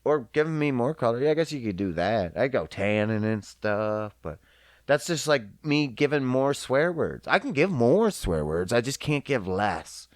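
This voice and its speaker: A man hosting a podcast, delivering a casual comedic rant full of profanity in an animated, mocking way. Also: medium pitch, moderate pace, dry recording, studio quality. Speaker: podcast host.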